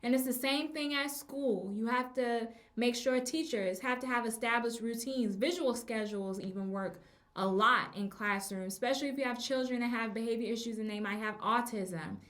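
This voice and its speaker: A woman hosting a casual advice podcast as a teacher, chatty, with frequent ums and slow stresses on key words. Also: on the high side, fairly bright tone. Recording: echoey room.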